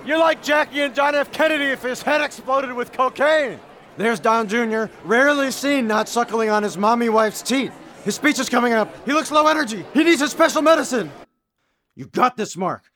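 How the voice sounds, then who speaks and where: A brash young cartoon reporter, as a man acts him out, with a very high, yelling, bossy voice. He is self-absorbed and barks orders. Music plays clearly behind him. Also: expressive, normal speed, full character voice. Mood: excited. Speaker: field reporter. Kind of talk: cartoon voice acting.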